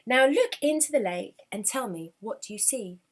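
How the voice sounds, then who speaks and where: A woman voicing a brave, clever young boy in a storybook, explaining calmly and patiently. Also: on the high side, moderate pace.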